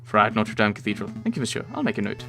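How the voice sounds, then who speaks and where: A man's voice: fairly low pitch, sing-song, very fast, vocal fry, sharp tone, soft background music, full character voice. A man voicing a polite young male lawyer who speaks formally and courteously. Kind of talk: voicing game characters in a let's play.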